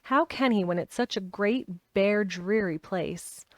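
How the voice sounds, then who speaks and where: A woman's voice: unhurried, no echo, lightly acted. Woman doing a sulky sickly boy. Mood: incredulous. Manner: cross, resentful, rising to high outbursts. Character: sickly, petulant young boy, bedridden and gloomy.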